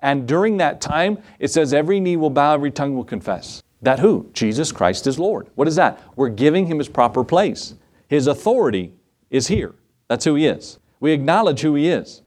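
A man's voice: fairly high pitch, sing-song, moderate pace, a little mellow. A man preaching a sermon as pastor, earnest and direct, rising to emphatic peaks and acting out the prayers of the faithful.

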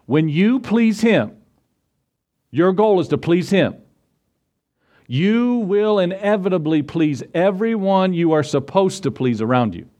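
Male preacher, fairly high voice, sermon delivery, rhetorical questions, slow scripture reading. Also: a little mellow. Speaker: pastor.

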